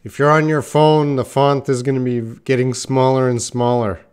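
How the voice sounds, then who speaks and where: A man's voice: medium pitch, flat delivery, moderate pace, darkish tone, smooth. A man teaching a live online English lesson, trying tongue twisters, joking with viewers and laughing at his own mistakes. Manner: chats with viewers reading their comments.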